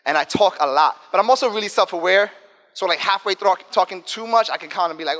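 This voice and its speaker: A man in his thirties from the South Bronx with an African American English accent, giving an energetic, talkative and joking casual talk to students. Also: high voice, quick pace. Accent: African American English, New York. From South Bronx, New York. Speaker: guest speaker. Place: school event room. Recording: long reverb hall.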